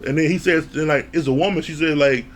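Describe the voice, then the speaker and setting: A man's voice: a little high, fast, slight background noise. A man giving a casual, rambling recap of a TV episode, chatting along and laughing often. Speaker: TV show reviewer.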